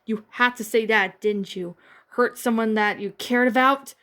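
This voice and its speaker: A woman voicing a guarded, quick-tempered teen girl sorceress with a stern, snapping manner in a fan-fiction reading. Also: a little high, fairly bright tone. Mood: angry.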